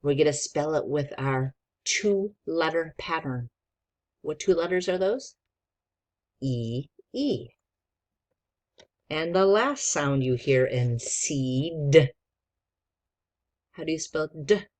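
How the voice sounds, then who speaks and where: A woman's voice: sits low, animated, slow, long pauses, darkish tone. A woman teacher giving a patient, encouraging spelling lesson to young children and sounding out letters.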